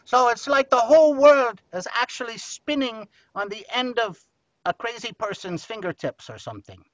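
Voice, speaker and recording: A man's voice: extremely high pitch, lively intonation, moderate pace, a bit bright, no echo. A man voicing a playful, mischievous young male sidekick character who co-hosts a podcast, teasing the guest and spinning silly stories. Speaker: co-host. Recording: dry, slightly muffled podcast audio.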